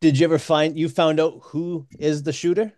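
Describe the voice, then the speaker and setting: A man's voice: a little high, little pitch movement, moderate pace, a little mellow, dry recording, clean studio sound. A man hosting a podcast and asking short, direct interview questions. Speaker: podcast host.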